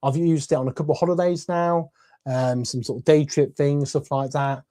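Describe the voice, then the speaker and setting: A man's voice: a little high, fairly even intonation, normal speed, mellow. A man giving a casual, enthusiastic camera review from his bedroom, chatty and full of fillers, his voice a little tired. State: voice tiring from talking. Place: bedroom at home.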